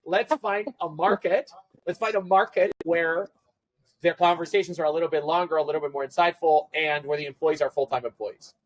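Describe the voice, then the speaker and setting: Man, podcast guest, lively storyteller, fairly high voice, acts out the dialogue. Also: low-quality recording. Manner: animated storyteller acting out quoted dialogue; fast, run-on phrasing with restarts. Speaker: tech company CEO, podcast guest. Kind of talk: storytelling in a casual podcast interview.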